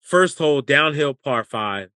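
A man and former caddie and comedian, telling lively stories as a podcast guest and laughing as he goes. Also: on the high side, measured pace, no echo, clean studio sound. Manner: lively storyteller, laughs through his anecdotes. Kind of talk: casual storytelling interview.

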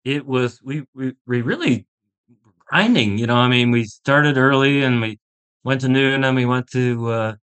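A man's voice: medium pitch, normal speed, fairly bright tone, smooth. Enthusiastic rambling man from Pittsburgh. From Pittsburgh, USA. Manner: enthusiastic, rambling storyteller who laughs often. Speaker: golf instructor, podcast guest. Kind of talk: casual interview chat.

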